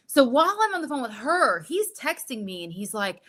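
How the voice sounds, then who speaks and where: Bright-voiced woman telling a wild story. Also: on the high side, brisk, few pauses. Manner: animated, profane, acts out quotes. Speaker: podcast guest telling a story. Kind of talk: casual storytelling chat.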